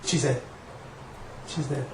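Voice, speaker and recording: A man giving flat, evasive, curt answers while being questioned on camera. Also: mid-range voice, slow pace. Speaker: man caught on a TV sting show. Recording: echoey, distant, noisy TV clip.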